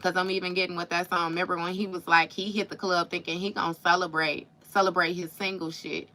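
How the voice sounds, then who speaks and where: A woman's voice: fairly low pitch, flat delivery, fast, sharp tone, a little hiss or hum. A woman giving a live tarot reading in casual chat, swearing freely and reciting song lyrics in rhythm to make her point. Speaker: tarot reader.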